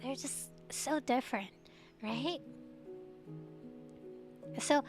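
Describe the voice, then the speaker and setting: High-voiced chatty woman streamer. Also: very slow, faint music behind. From Taiwan. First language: Mandarin. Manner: rambling and chatty, full of "like" and giggles. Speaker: VTuber streamer. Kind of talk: casual late-night stream chat.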